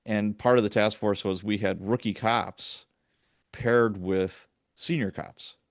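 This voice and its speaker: A man's voice: fairly low pitch, slow pace, no room sound, studio quality. A middle-aged man, a former police sergeant, telling a story in a casual interview and acting out the quoted lines. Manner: animated storyteller, acts out quoted dialogue. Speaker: podcast host, retired police sergeant.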